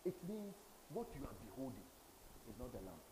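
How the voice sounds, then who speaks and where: Emphatic pastor in an echoey church. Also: male voice, mid-range voice, sing-song, fairly quick, background noise. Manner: emphatic preaching with repeated phrases. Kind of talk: sermon.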